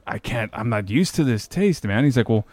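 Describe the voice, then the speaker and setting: A man's voice: medium pitch, animated, normal speed, a little mellow, no echo. A man, telling a rambling, profane story in casual chat. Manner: rambling storyteller, swears freely.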